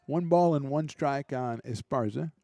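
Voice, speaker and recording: A man doing relaxed, chatty play-by-play commentary for a college baseball game, with small asides and jokes between pitches. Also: a little slow, dry recording, clean studio sound. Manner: relaxed, chatty, lightly joking between pitches, rising excitement on big plays. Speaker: play-by-play announcer.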